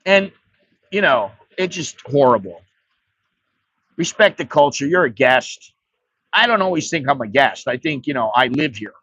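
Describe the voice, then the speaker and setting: A man's voice: mid-range voice, sing-song, moderate pace, long pauses, a bit bright, husky, dry recording, dull audio. An American man giving blunt, profane, rambling advice on a casual livestream. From United States. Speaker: vlogger.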